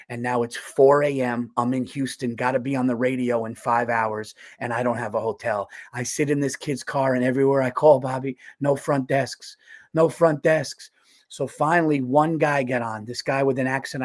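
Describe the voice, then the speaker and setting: A man co-hosting a podcast, telling a story in an animated, exasperated rant with fast bursts. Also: medium pitch. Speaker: podcast co-host. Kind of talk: ranting storytelling.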